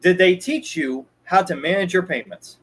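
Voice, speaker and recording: A man's voice: high-pitched, normal speed, slightly rough, low-quality recording. A young man streaming a ranting monologue, emphatic and repetitive, swearing now and then. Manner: emphatic, repeats himself, swears.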